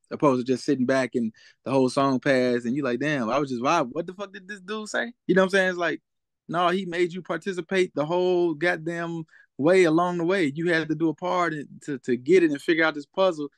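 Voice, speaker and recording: A man's voice: on the high side, brisk, dry recording. Laid-back man in a casual interview. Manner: laid-back, frequent "you know what I'm saying". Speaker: rapper and interview guest.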